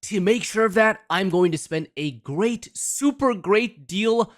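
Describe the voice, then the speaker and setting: A man's voice: high-pitched, expressive, a little slow, a bit bright. A man putting on a pompous bragging duke. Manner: pompous, self-praising, short punchy phrases. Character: boastful, blustering older male duke.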